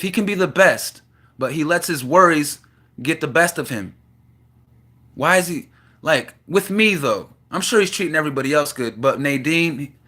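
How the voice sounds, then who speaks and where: Impassioned ranting man, forceful voice. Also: fairly high pitch. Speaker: vlogger. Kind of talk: emotional monologue to camera.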